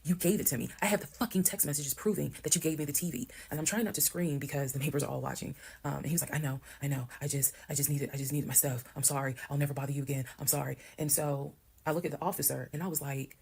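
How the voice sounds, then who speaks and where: Fast-talking woman, gravelly voice. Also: deep voice. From Georgia, US. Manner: animated, acts out quoted voices. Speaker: storyteller in a TikTok clip. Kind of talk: casual storytelling to camera. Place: played clip heard on a stream.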